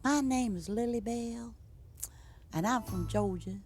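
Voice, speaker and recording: A woman's voice: on the high side, measured pace, a little mellow, slightly rough, pitched above the performer's own voice. A woman voicing a sweet Southern woman who offers to bake peach pie, in a put-on Southern accent. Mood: friendly.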